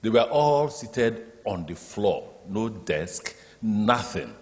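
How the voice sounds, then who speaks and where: A man's voice: fairly low pitch, takes it slowly. A man with a Nigerian accent, a state governor addressing an education summit, telling stories and acting out the dialogue in them. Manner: lively storyteller, acts out dialogue in speech, draws audience laughter. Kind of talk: speech with anecdotes. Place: large conference hall. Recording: reverberant hall.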